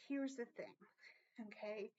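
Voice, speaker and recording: A woman's voice: fairly high pitch, slow pace, warm tone, muffled recording. A woman giving a casual tarot reading to her viewers, earnest and emotional, often checking in with "okay?" and swearing casually. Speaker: tarot reader.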